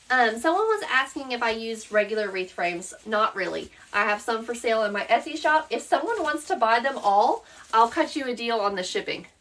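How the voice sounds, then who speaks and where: A woman's voice: fairly high pitch, fairly bright tone, recorded from a distance. A woman with a Southern accent, hosting a live-stream craft tutorial, chatting through the steps and answering viewers by name as she works.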